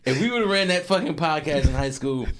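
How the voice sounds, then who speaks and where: A man co-hosting a podcast in casual chat, loud and playful, teasing, cursing and laughing a lot. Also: fairly high pitch, lively intonation, fast. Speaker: podcast co-host.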